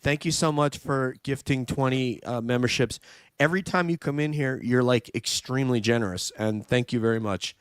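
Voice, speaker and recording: Smooth-voiced man hosting a livestream. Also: medium pitch, moderate pace, no room sound, studio quality. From New York. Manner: chatty, reads out live chat. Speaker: livestream host. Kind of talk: casual livestream chat.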